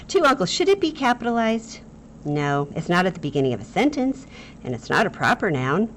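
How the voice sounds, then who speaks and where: Woman teacher, children's grammar lesson, jokey and playful, fairly low voice, faint background hiss. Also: big pitch swings, a little fast. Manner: playful, jokey, talks straight to the pupils.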